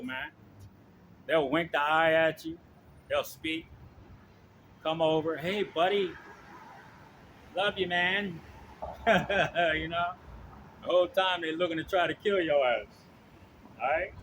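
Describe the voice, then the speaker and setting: A man's voice: a little high, fairly bright tone, slight background noise, rough recording. A man preaching informally and reading scripture, with loose profane asides and frequent "okay?" checks to his listener. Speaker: street preacher.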